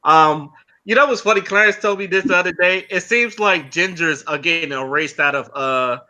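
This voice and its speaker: A man co-hosting a podcast in casual chat, talking fast with hesitant ums. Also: on the high side, sharp tone. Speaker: podcast co-host.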